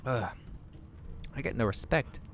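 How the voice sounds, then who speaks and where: A man's voice: mid-range voice, lively intonation, a little slow, gravelly, a little hiss or hum. A young man casually commenting while playing a game, joking and reading choices aloud. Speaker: let's play host.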